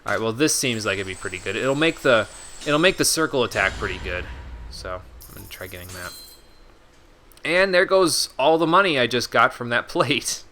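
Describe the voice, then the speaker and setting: A man with a bright, forceful voice commentates his video game stream in a loose, chatty way. He reads on-screen menu text aloud and tosses asides to the people watching. A faint hiss sits under the recording. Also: mid-range voice, very animated, normal speed. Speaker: gaming streamer. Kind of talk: casual let's-play commentary.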